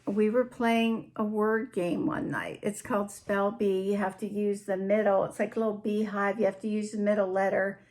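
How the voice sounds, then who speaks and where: A woman hosting a casual crafting show-and-tell, chatty and unhurried, often trailing off and picking up her sentences again. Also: mid-range voice, little pitch movement, darkish tone. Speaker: podcast host.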